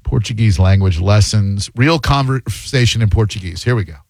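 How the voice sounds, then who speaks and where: A man's voice: on the low side, normal speed, darkish tone, no room sound. A man hosting a call-in radio talk show, riffing in loose, slangy banter. The sound is close and dry, with no room around it. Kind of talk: casual call-in radio chat.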